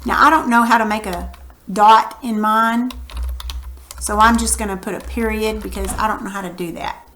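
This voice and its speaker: A woman's voice: mid-range voice, steady tone, moderate pace, pushed and bright, slight background noise. A woman teacher patiently walking students through a recorded reading lesson, talking casually while she writes on screen. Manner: patient, coaching, casual classroom talk; narrates while writing on screen.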